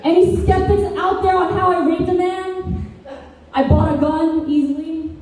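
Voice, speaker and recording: A woman performing a stand-up comedy set, delivering deadpan dark one-liners that slip into sing-song lilts. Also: very high voice, unhurried. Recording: very echoey room, distant mic.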